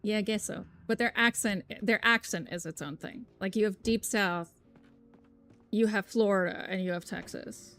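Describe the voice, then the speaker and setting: A young woman streaming a game live, reacting loudly, swearing and shrieking at scares between chatty remarks. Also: medium pitch, normal speed. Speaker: gameplay streamer. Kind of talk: live gameplay commentary.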